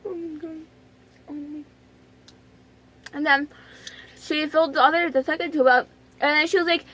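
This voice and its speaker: A woman's voice: sits high, fairly even intonation, normal speed, pauses often, fairly bright tone. A young woman vlogging in a chatty, dramatic way, full of fillers and exclamations. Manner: chatty, dramatic, lots of "like" and "oh my God". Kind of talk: casual vlog storytelling.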